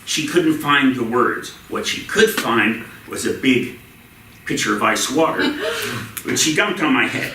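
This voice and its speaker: Lively American man telling a comic story. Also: mid-range voice, measured pace, slight background noise. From United States. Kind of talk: comic personal storytelling to a live audience. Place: stage in a small venue. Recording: roomy hall, mic at a distance.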